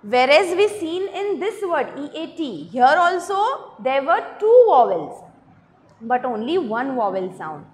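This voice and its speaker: A woman's voice: sits high, big pitch swings, unhurried, in a large hall. A woman with an Indian English accent teaching young children, patiently spelling out words and asking the class questions.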